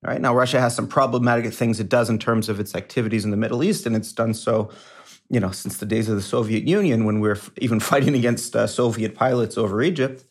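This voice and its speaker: A man being interviewed as a journalist, explaining things in a measured way with some fillers. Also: medium pitch, husky. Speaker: journalist guest.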